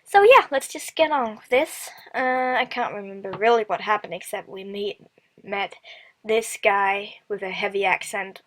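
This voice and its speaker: A woman's voice: mid-range voice, normal speed, poor audio. A woman hosting a let's play from a computer mic at home, chatting casually, giggling and reading the game's text aloud. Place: house with family around. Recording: music playing behind.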